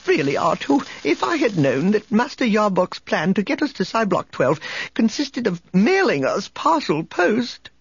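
C-3PO, a prissy fretful droid. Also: male voice, sits high, huge pitch swings, unhurried, husky, no room sound, lo-fi sound, voice pushed up, full character voice. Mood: exasperated. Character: fussy anxious male protocol droid.

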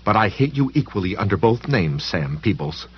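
Male reader doing a furious, tearful woman, lively pitch, slightly dull audio. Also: moderate pace, husky. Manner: bitter and accusing. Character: angry, tearful woman defending a friend.

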